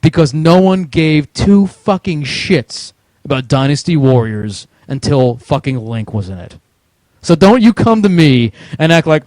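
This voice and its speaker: This podcast co-host, who has a New Jersey accent, delivers a heated, profane, mocking rant about video games. His slightly high voice has a darkish tone and is very animated, yet his pace is unhurried, with no echo.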